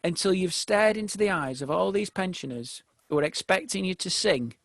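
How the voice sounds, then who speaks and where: Male comedian guest, higher voice, rambling comic anecdotes, close dry mic. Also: animated, fairly bright tone, dry recording. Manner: rambling anecdotes with laughs and quick impressions. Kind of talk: casual podcast chat, comic storytelling.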